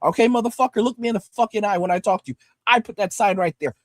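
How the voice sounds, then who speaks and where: Racing along with hardly any pauses, this man's high voice comes through with no room sound. As a livestream host reading viewer comments, he delivers profane, angry ranting commentary, lecturing his audience and saying the same things over and over.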